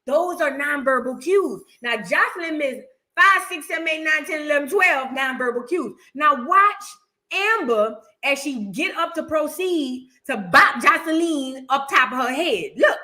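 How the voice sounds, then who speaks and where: A woman hosting a reaction show, giving blunt, profane, animated commentary in a casual way. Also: sits high, a little slow.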